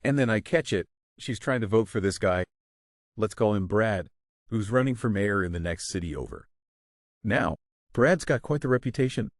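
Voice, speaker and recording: A man with a fairly low voice tells a first-person story in a casual, wry storytelling manner. The recording is dry and close, with no room sound. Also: lively intonation, normal speed, dry recording. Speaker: story narrator.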